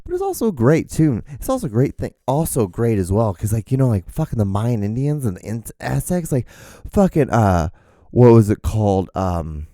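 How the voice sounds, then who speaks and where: A man's voice: medium pitch, big pitch swings, moderate pace, mellow, no room sound. A young man hosting a solo podcast, rambling in a profane, mock-outraged way. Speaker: podcast host.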